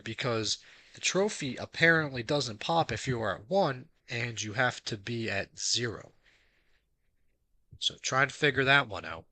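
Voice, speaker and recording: A young man hosting a gaming channel, calmly recapping his trophy hunt, then ranting and swearing angrily at the game's controls. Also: mid-range voice, dry recording, low-quality recording. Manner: swears heavily and rants when frustrated; calm, dry recap narration. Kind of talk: recapping gameplay with a raging clip.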